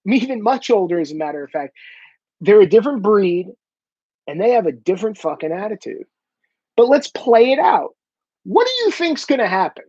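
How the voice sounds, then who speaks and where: Husky, profane man in his thirties ranting. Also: sits high, no room sound, highs cut off. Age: 30s. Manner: animated, profane, bursts into shouting. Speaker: commentator. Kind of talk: profane opinion rant.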